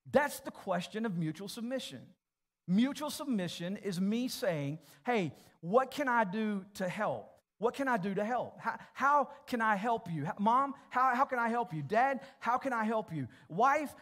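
In a church auditorium, a male pastor preaches to his congregation, speaking emphatically and directly to families and often repeating words. His voice is high-pitched with a fairly bright tone.

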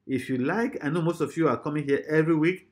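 A man's voice: fairly high pitch, fast talker. A male pastor, preaching a sermon emphatically, with repeated rhetorical questions.

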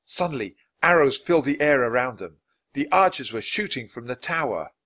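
A man narrating a children's storybook aloud, expressive and switching voices for each character. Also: medium pitch, normal speed. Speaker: audiobook reader.

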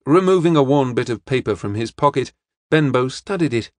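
A man narrating a detective novel as an audiobook in a steady, measured way. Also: medium pitch, no echo, clean studio sound.

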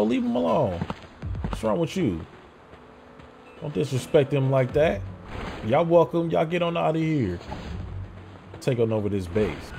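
A young man streaming a video game, loudly and excitedly talking back to the characters on screen in casual, swearing slang. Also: a little high, vocal fry. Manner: loud, animated, talks to game characters. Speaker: gameplay streamer. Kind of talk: excited gameplay commentary.

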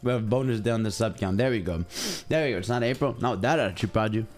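A man's voice: lowish voice, very fast, a little mellow, faint music behind. A young adult man streaming, chatting casually and rambling while talking straight to his chat. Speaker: game streamer.

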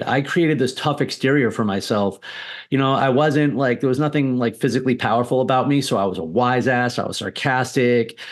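A man's voice: mid-range voice, slightly rough. A man as a podcast guest, telling a candid personal story in a blunt, defiant way with frequent swearing.

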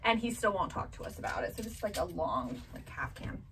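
A woman's voice: medium pitch, sing-song, quick pace, a bit bright, far from the mic, a little hiss or hum, low-quality recording. A woman in her thirties chatting casually as a seller and mother, telling family stories and acting out her children's voices. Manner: chatty storytelling, acts out her kids' voices. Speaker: vintage box seller and mother. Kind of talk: casual chat.

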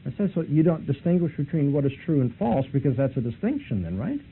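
A man's voice: fairly high pitch, big pitch swings, fairly quick, hardly any pauses. A man giving a seminary apologetics lecture, telling a debate story with emphatic, argumentative delivery. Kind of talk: apologetics lecture with retold dialogue. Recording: tinny phone-like lo-fi recording with faint hiss.

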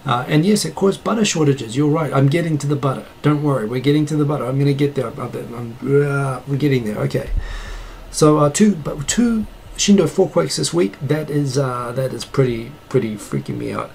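A man from New Zealand rants at length on a casual live stream, rambling and sarcastic, his exasperation breaking through as he circles back to his point again and again. His voice has a gravelly edge with some vocal fry, and his pitch sits in a middle range. A faint hiss of noise runs under the recording. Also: fairly quick, a little mellow. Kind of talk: casual ranting commentary.

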